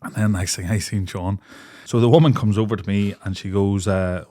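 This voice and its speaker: Here a young male podcast co-host, fairly low-pitched and a little fast, narrates a story during easygoing chat. He plays out the quoted voices with animation and laughs often.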